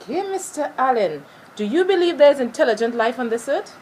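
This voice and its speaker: A woman's voice: high-pitched, animated, a little fast, a little mellow, a little hiss or hum. A woman interviewing for a school project, reading out set questions.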